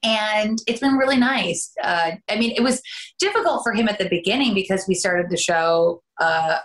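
A woman's voice: mid-range voice, normal speed, a bit bright. A Canadian woman, an actress, chatting in an interview, talkative with laughing asides. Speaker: soap opera actress, guest. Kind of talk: casual interview chat.

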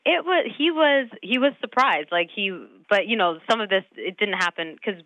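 A woman in her thirties, an actress talking casually in an interview, animated, laughing often and full of fillers. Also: medium pitch, normal speed, dry recording, phone-quality sound. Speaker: actress guest.

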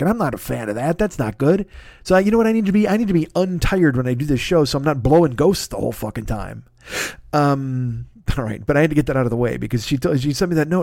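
A man's voice: fairly high pitch, a little mellow, no room sound, studio quality. Profane, rambling man hosting a podcast. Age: 50s. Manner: profane, rambling and self-mocking. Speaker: podcast host. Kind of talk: casual solo podcast rant.

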